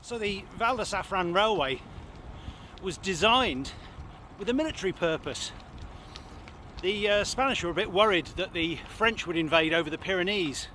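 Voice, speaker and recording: High and sharp-toned, a man's voice carries over a little hiss or hum as he bikes outdoors on roads and a greenway with tunnels. The cycling vlogger chats casually to his action camera, thinking aloud and using fillers.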